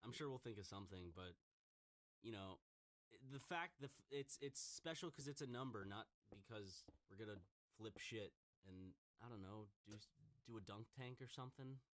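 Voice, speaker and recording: A man's voice: on the low side, normal speed, a bit bright. Rambling young man, podcast co-host. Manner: loose, rambling banter. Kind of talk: casual podcast chat.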